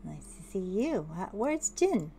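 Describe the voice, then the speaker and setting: A woman's voice: medium pitch, very animated, measured pace, dark tone, a little hiss or hum. A woman voicing a casual young woman in a tabletop role-play, talking with many hesitations. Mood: breezy. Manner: casual, hesitant, filler-heavy.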